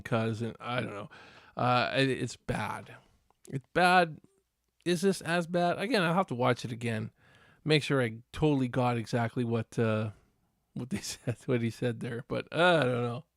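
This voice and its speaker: A man's voice: mid-range voice, no room sound, clean studio sound. A man hosting a casual live stream reaction, chatting to viewers in a rambling, easygoing way with many restarts.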